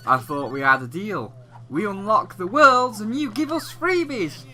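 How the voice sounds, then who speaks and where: A man voicing a sassy female bat sidekick in a high, loud, mocking voice. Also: expressive, measured pace, faint music behind, exaggerated voice. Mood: cheeky.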